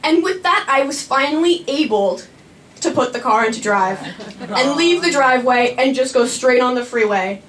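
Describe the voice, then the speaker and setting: A woman's voice: high-pitched, animated, moderate pace, a bit bright, distant mic. A young woman telling a personal story live on a small stage, chatty with lots of "like" and frequent laughter.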